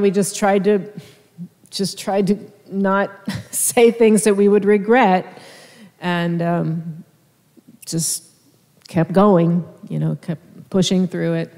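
A woman, a minister's wife, telling her story at a seminar in a soft, hesitant, conversational way. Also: on the low side. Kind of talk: personal testimony at a seminar. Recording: echoey hall.

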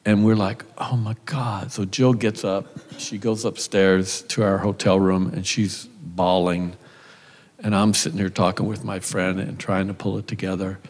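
An older preacher in a church sanctuary tells folksy stories in a conversational sermon, his low voice barely moving in pitch at a moderate pace. Reverb from the church hall fills the recording.

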